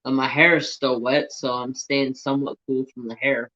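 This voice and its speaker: A man hosting a crafts livestream in casual chat, slow and chatty, a bit teary and sniffly, at home with a fan blowing. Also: mid-range voice, level tone, pushed and bright. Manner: slow, chatty, humming to himself. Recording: dull lo-fi stream audio.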